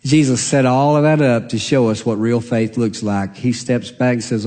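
A man's voice: medium pitch, fairly even intonation, moderate pace, few pauses, warm tone. A man preaching a sermon as a pastor, telling a story and acting out the voices of the people in it. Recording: long reverb of a large hall.

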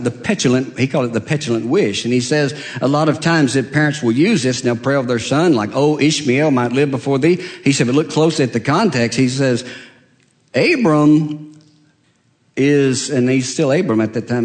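A man preaching a sermon, telling the story with acted-out dialogue and humor, moving between soft low asides and raised, emphatic cries.

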